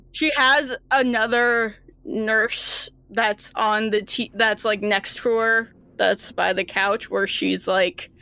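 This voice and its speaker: A woman's voice: medium pitch, sharp tone. A woman narrating a tabletop game as game master, rambling with many fillers.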